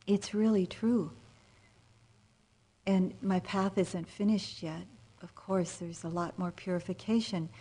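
A woman meditation teacher giving a dharma talk, speaking softly and unhurriedly, often trailing into near-whispers, with frequent gentle fillers. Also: on the low side, slightly rough. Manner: soft-spoken, drifting into near-whispers. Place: meditation retreat center.

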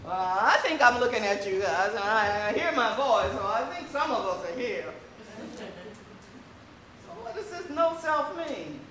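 Animated older Southern woman teaching in an echoey hall. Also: a little high, a little slow. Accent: Southern American. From American South. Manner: animated, laughing, playful asides to the audience. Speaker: meditation teacher. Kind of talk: dharma talk to a group. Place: meditation hall. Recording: echoey hall with faint room noise.

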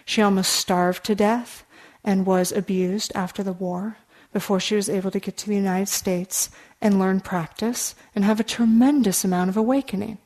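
A woman meditation teacher giving a dharma talk in an earnest, conversational way, with frequent fillers and soft asides. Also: mid-range voice, steady tone, normal speed.

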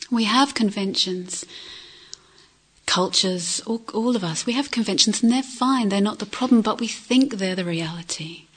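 A woman giving a reflective dharma talk as a meditation teacher, asking questions and often dropping to soft near-whispers. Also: on the high side, slightly rough. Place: retreat centre hall.

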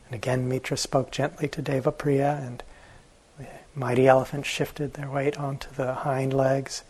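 A man, a meditation teacher, telling an old fable in a gentle, unhurried way during a morning talk. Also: medium pitch, flat delivery, slightly rough, poor audio.

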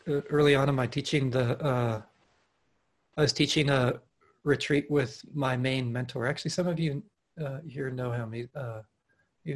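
A man teaching meditation at an online retreat, speaking earnestly and with animation, often restarting his phrases and laughing softly. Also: mid-range voice. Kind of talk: dharma talk at an online retreat. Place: home, over a video call.

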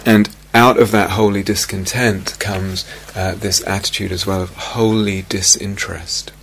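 A man giving a meditation teaching in a reflective, unhurried way, softly repeating key phrases. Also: low-pitched, steady tone, gravelly, slight background noise. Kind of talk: dharma talk. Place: retreat meditation hall.

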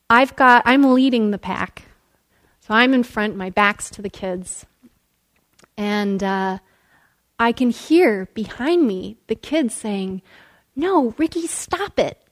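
Woman giving a gentle meditation talk. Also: fairly high pitch. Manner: storytelling, gentle, laughs often. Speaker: meditation teacher. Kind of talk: dharma talk.

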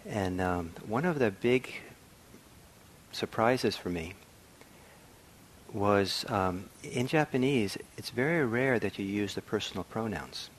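Soft-spoken man with a low voice. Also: lively intonation, takes it slowly, slight background noise. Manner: soft-spoken, reflective, with frequent ums and restarts. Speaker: meditation teacher. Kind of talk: dharma talk. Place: meditation hall.

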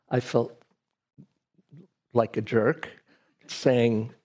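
Slow, husky man giving a dharma talk. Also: medium pitch, darkish tone. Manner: reflective and storytelling, with frequent restarts.

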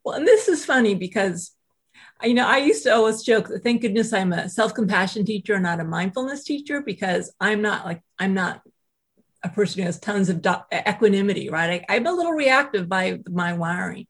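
A middle-aged guest author tells a personal story in animated, self-deprecating conversation, acting out quotes as she goes. Her voice is husky and medium-pitched, and she talks a little fast.

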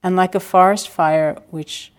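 Older woman, meditation teacher, lowish voice, calm reflective dharma talk, wry humor. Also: measured pace, smooth. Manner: calm, reflective storytelling with gentle self-deprecating humor. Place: retreat center hall.

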